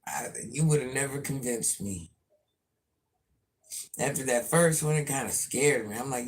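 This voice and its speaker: A man with a mid-range voice chats casually to live-stream viewers at a measured pace, often pausing. He rambles and muses aloud, repeating himself as he works through his thoughts.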